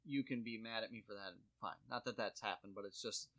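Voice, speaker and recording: Guy in his 30s telling funny stories, bright tone, acts out everyone he quotes. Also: fairly low pitch, fairly quick. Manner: animated storyteller, acts out quotes. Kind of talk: casual comedic chat.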